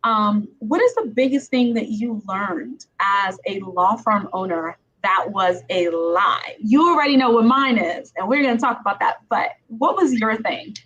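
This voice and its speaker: A woman's voice: medium pitch, measured pace, hardly any pauses, a bit bright, breathy edge. Chatty woman attorney hosting a podcast. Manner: chatty, conversational. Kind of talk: podcast interview. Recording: slightly dull sound with faint background noise.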